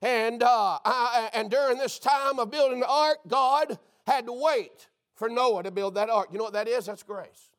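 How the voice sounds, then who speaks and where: A man preaching a fervent sermon, breaking into shouts and calling out to his listeners as dear friend. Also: extremely high pitch, normal speed.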